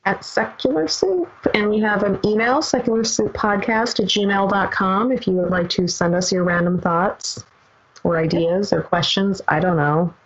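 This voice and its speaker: A woman's voice: mid-range voice, steady tone, moderate pace. A woman co-hosting a podcast in casual chat, blunt and self-mocking, swearing freely. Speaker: podcast co-host. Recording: muffled lo-fi sound.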